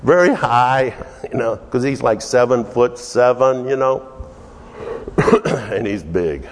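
A middle-aged man from Texas, preaching with lively storytelling and chuckles. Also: medium pitch, slow. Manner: animated storyteller, chuckling, acting out voices. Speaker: pastor. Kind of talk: storytelling sermon. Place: church sanctuary. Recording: reverberant church hall.

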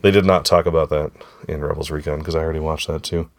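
A man with a sore, froggy throat hosts a relaxed podcast chat with kids. His voice sits very low and sounds hoarse, and he keeps checking whether the others remember. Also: fast talker. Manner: chatty, keeps asking the listeners if they remember. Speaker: podcast host. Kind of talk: casual discussion with kids.

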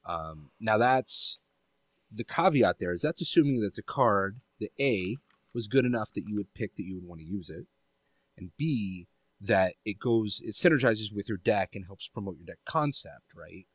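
Man, low voice, weighs each point aloud; dry, slightly dull recording. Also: expressive, a bit bright, no echo. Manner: measured, analytical, many ums and caveats. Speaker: card game analyst. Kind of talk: casual podcast discussion.

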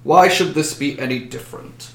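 A man's voice: a little high, normal speed, vocal fry, fairly bright tone. A man voicing a confident male human adventurer with a firm, rallying delivery. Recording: roomy echo.

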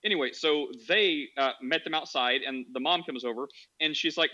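A man hosts a casual podcast, joking and drifting into long, rambling stories. His voice is forceful and bright and sits a bit high for a man. The sound is dry and slightly dull. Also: normal speed. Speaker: podcast host. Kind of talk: casual chat.

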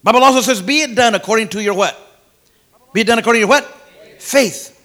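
A man preaching a sermon in a folksy, emphatic way, often stumbling over fillers and repeated words, then building up to loud declarations. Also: very high-pitched, quick pace.

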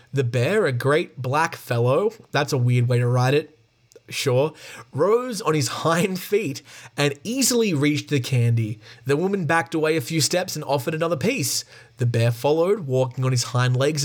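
A man casually reading stories from a book aloud, breaking off for jokey, profane asides. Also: on the high side.

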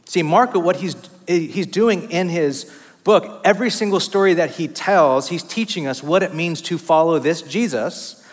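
A man in his thirties preaching a conversational sermon, an animated, self-deprecating storyteller with casual fillers. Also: on the high side, measured pace. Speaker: pastor. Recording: long reverb of a large hall.

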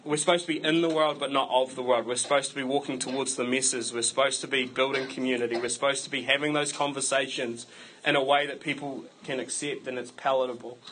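A man's voice: medium pitch, fairly bright tone, slight background noise, low-quality recording. A man preaching a sermon to his church in a conversational way, breaking it up with self-deprecating jokes. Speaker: pastor.

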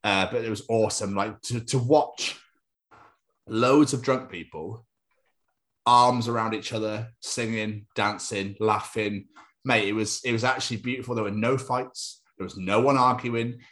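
A young man in his twenties chats casually as a podcast co-host. His voice sits low, and he rambles in a jokey way. He drifts into silly put-on voices now and then. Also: fairly even intonation, a little slow, fairly bright tone. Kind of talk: casual chat.

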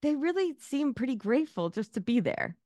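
A woman's voice: sits high, a little fast, no room sound. A woman co-hosting a podcast in casual chat, swearing freely and joking sarcastically. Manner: swears a lot, animated and sarcastic. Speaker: podcast co-host.

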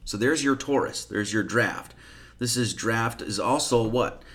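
A man's voice: mid-range voice, a little slow, a bit bright. Give me a conversational man explaining scripture in a sermon. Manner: conversational, rhetorical questions, frequent "okay?" and "right?"; reads scripture verses in a raised, emphatic voice. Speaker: teacher of esoteric Bible study.

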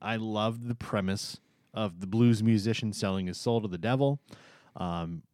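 A man's voice: on the low side, normal speed, darkish tone, dry recording, studio quality. A man co-hosting a podcast in casual chat, talking with frequent ums and uhs. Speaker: podcast co-host.

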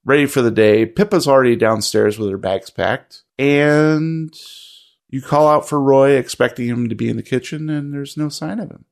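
A man serving as game master for a tabletop horror game. He narrates scenes in a measured, descriptive way, and a gravelly edge runs through his mid-range voice. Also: mid-range voice.

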